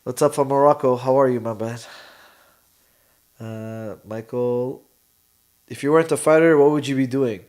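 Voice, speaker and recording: A man's voice: mid-range voice, fairly even intonation, normal speed, long pauses, a little mellow. Chatty laid-back young Canadian man. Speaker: fighter hosting a live watch party. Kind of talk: casual live-stream chat reading comments.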